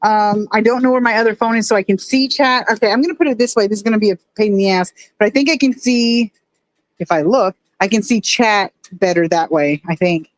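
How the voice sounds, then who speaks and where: On a phone live-stream from a home room with aquariums, a woman shows her fish tanks to the chat, swearing a lot and grumbling at her equipment in frustration. Her voice is mid-range and a little fast, and the dry recording has poor audio.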